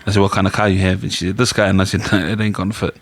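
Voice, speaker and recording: A podcast co-host with a deep, level voice talks very fast in a casual chat, recorded with no room sound. He's a rambling man, described as New, who tells anecdotes and quotes other people in his own voice.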